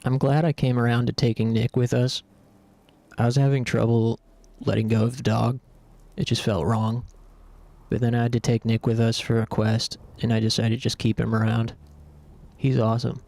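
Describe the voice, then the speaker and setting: A man's voice: mid-range voice, flat delivery, moderate pace, gravelly, warm tone. A man streaming a video game, giving laid-back, wry commentary. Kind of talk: casual gameplay commentary.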